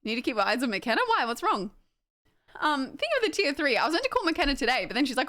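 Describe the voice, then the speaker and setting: A woman's voice: sits high, sing-song, fast talker, bright, forceful tone. Chatty young woman streamer. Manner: chatty, rambling, laughs often, many fillers. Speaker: livestreamer. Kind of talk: casual chat with stream chat.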